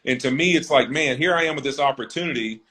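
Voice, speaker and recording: An earnest man in his thirties, speaking as an interview guest. His voice sits in an ordinary middle pitch. He tells his story in a reflective, steady way. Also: fast talker. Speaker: NFL offensive lineman, guest. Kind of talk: conversational interview.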